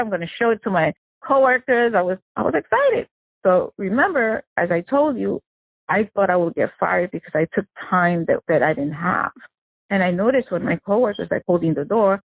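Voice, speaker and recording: A woman tells her story in a halting, distressed way, stopping and restarting often. Her voice is gravelly and husky. It comes through a narrow, dry, phone-like line. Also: mid-range voice, no echo. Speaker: victim's sister recounting events. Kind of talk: emotional personal interview.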